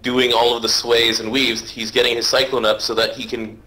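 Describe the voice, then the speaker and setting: A man's voice: medium pitch, level tone, moderate pace, pushed and bright, low-quality recording. A man co-hosting a casual gaming podcast, dropping in short joking remarks. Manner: joking interjections.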